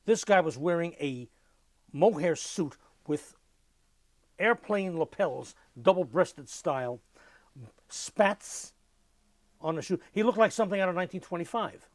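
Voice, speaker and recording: An older man giving an oral history interview, telling lively anecdotes and mimicking music with his voice. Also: high-pitched, a little slow, long pauses, no echo.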